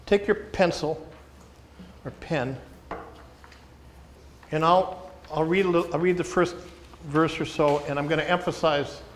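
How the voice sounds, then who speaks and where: Man, slightly high voice, teaching a group, emphatic repetition, roomy echo. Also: steady tone, a little hiss or hum. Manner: deliberate, repeats words for emphasis, asks questions of the room. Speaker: teacher leading a workshop for pastors. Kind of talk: teaching a group on reading scripture. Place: room with a small group listening. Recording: echoey room with faint ambience.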